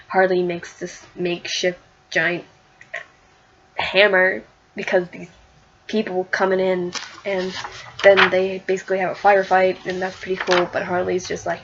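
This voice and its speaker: A woman's voice: mid-range voice, husky, highs cut off. A woman casually talking through a comic issue in a chatty vlog, full of fillers and giggles. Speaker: comic book reviewer.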